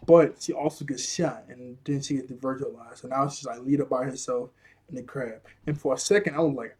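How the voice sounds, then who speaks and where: A man's voice: medium pitch, brisk, a little mellow, slightly rough. A man casually recapping a cartoon episode, chatty and rambling, laughing often and using slang.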